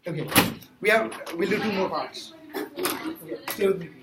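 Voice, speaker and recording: A man's voice: high-pitched, normal speed. A man teaching a calculus class, emphatic and repetitive, quizzing his students as he works through problems. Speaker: math teacher. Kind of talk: classroom lecture. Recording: echoey classroom with faint noise.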